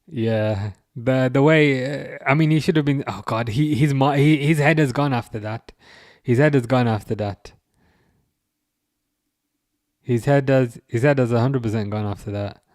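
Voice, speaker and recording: A man's voice: mid-range voice, moderate pace, darkish tone, dry recording, clean studio sound. A man hosting a casual football livestream, chatting and self-mocking, often restarting his sentences and laughing. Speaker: livestream host. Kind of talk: casual live match commentary.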